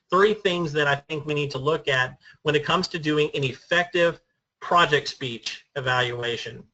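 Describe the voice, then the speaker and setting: Earnest man teaching with a bright voice. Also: fairly high pitch, highs cut off. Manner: earnest, methodical, lists points by number. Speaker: speech training presenter. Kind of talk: instructional talk.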